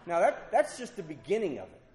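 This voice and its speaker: A man's voice: sits high, huge pitch swings, brisk, a little mellow, roomy sound, slight background noise. A man telling his own story of drinking and recovery to a group, candid and self-mocking, acting out the voices of the people he quotes. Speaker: speaker sharing a recovery story. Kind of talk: personal storytelling talk.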